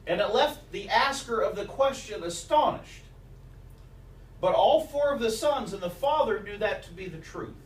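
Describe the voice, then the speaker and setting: A man's voice: high voice, expressive, moderate pace. A man preaching a sermon as the pastor, telling stories and quoting scripture along with old sayings of mothers. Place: church sanctuary. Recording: echoey church recorded from a distance.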